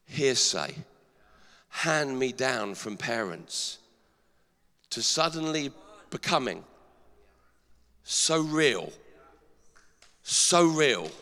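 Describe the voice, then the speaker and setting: A middle-aged male pastor delivering an energetic sermon in a church, asking the congregation rhetorical questions. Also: mid-range voice. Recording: long hall reverb.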